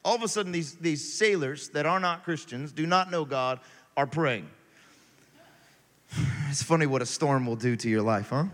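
Animated preacher in a long-echo hall. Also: male voice, fairly high pitch, normal speed, pauses often. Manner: animated, swings from quiet reading to loud exhortation. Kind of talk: sermon.

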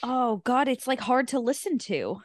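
A woman co-hosting a podcast in casual chat, animated, with quick reactions and laughter. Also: fairly high pitch, dry recording, clean studio sound. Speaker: podcast co-host.

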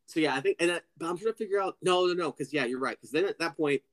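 A man co-hosting a podcast, giving his opinions on a film in casual chat and quoting the characters in quick asides. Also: on the high side. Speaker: podcast co-host.

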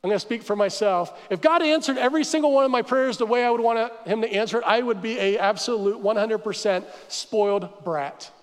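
A man preaching a sermon as pastor, telling the story with animated asides and acting out the crowd's complaints. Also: sits high, fairly quick, few pauses. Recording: church hall reverb.

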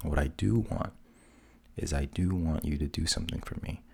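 Guy doing a demanding frog, gravelly low voice, pushy. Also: normal speed, warm tone, exaggerated voice. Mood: pleading. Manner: insistent, demanding. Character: pushy talking male frog.

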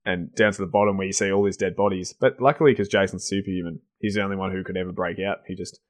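A man's voice: low voice, fairly even intonation, fast talker. A man co-hosting a podcast in casual chat, enthusiastic and laughing often, with many fillers and restarts. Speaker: podcast co-host.

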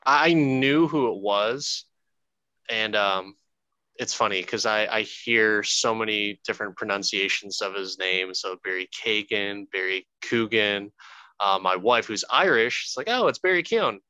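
A man's voice: fairly low pitch, measured pace, sharp tone, smooth, no echo, poor audio. A man co-hosting a podcast, chatting casually and jokingly about a movie, a little profane and rambling. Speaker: podcast co-host. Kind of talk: casual movie review chat.

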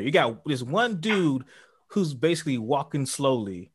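A man's voice: medium pitch, sing-song, unhurried, slight background noise. A man in a casual movie chat who retells scenes in an easygoing way and poses questions. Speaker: movie review co-host.

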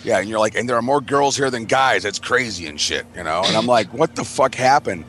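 A man's voice: fairly low pitch, fairly quick, fairly bright tone, a little hiss or hum. A man telling a rambling, profane story in casual chat, acting out the quotes of everyone involved. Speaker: podcast co-host.

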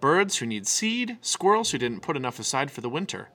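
A man's voice: mid-range voice, big pitch swings, a little fast, bright, forceful tone, soft background music, heavily acted. A man voicing a kindly, patient father bear in a storybook reading. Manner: patient, explaining.

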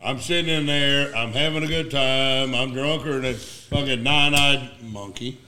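A man in a casual chat with friends, jumping in loud and profane to tell his side of a story. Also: medium pitch, normal speed, slight background noise.

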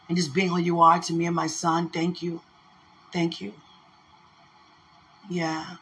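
A woman in an emotional casual talk to her partner, effusive and prayerful, repeating her words. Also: lowish voice.

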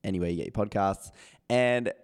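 Hoarse man hosting a podcast. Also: fairly low pitch, fairly quick. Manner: chatty, self-mocking and playful. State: hoarse, voice not working properly. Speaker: podcast host. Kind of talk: casual solo podcast intro.

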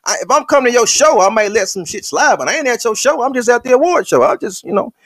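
High, lively-voiced man ranting. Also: quick pace, no echo, clean studio sound. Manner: heated, profane, emphatic and repetitive; addresses the listener directly, colloquial. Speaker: online commentator. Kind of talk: opinionated commentary rant.

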